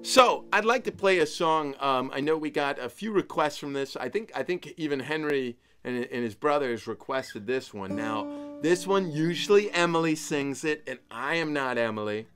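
A polka band leader hosts a casual weekly live stream from home, upbeat and playful, with sudden leaps in pitch and loudness. He's animated and moderately paced, and music plays under his talking.

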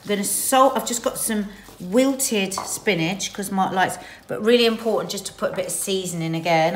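A woman's voice: mid-range voice, moderate pace, reverberant. An English woman vlogging from her home kitchen, chatting and teasing as she explains each cooking step. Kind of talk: casual kitchen vlog chat.

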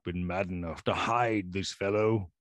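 A man's voice: low-pitched, fairly even intonation, a little slow, no echo, studio quality. A man voicing a gloomy, cautious lawyer. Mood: stern. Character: gloomy cautious male lawyer, middle-aged.

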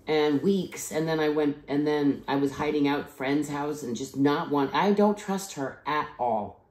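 Tired, rambling low-voiced woman. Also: a little mellow. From US East Coast. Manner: rambling, digressive, frequent restarts and asides. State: tired after travel. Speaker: vlogger. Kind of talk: rambling personal vlog. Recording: echoey room.

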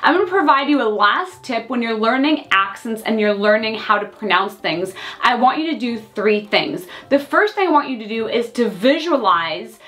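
A woman's voice: on the high side, expressive, moderate pace, hardly any pauses, a bit bright. A woman whose first language is French, giving a chatty video lesson and explaining with examples. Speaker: French teacher.

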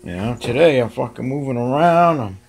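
Speaking at a normal speed in a medium-pitched, creaky voice, a man expressively chats to his cats with fond cooing. He's recording them at home on his phone, casual and homey.

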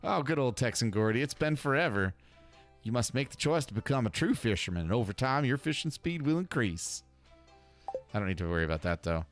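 A man hosting a gaming channel, giving chatty, excitable let's-play commentary. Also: mid-range voice, a little fast, soft background music.

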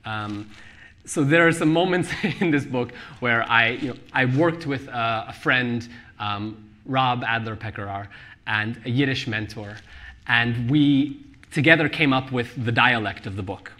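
A man talking about his novel on stage at a live book event, animated and quick to laugh, with many restarts. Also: mid-range voice. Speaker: author discussing his novel. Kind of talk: live onstage book talk. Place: live event venue with audience.

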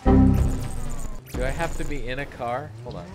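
An excitable young man gaming with friends, exclaiming often over voice chat. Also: mid-range voice, slow, loud music behind the voice. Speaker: gamer. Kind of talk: casual gaming banter.

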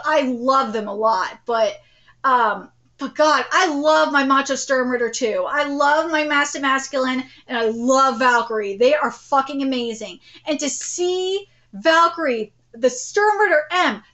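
A woman with a high-pitched voice hosts a live anime reaction. She's outspoken, swears freely, and keeps bursting into excited exclamations.

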